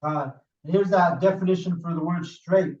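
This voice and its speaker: A man reading scripture aloud slowly and deliberately, then adding brief remarks. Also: fairly high pitch, darkish tone. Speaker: scripture reader. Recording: echoey, distant, dull sound.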